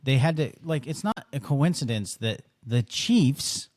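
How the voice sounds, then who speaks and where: Male podcast co-host, mid pitch, rambling conspiratorial chatter. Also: animated, darkish tone. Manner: halting, conspiratorial, lots of restarts. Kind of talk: casual chat.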